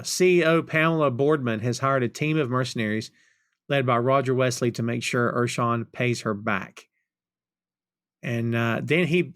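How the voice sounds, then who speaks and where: A man's voice: mid-range voice, vocal fry, fairly bright tone, no room sound, clean studio sound. A man hosting a podcast, chatting casually and retelling film scenes with laughter. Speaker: podcast host.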